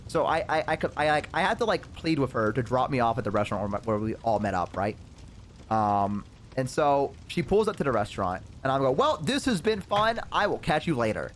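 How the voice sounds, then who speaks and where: Man, streamer, casual storytelling, rambling, filler-heavy, bouncy pitch. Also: expressive, brisk, slight background noise.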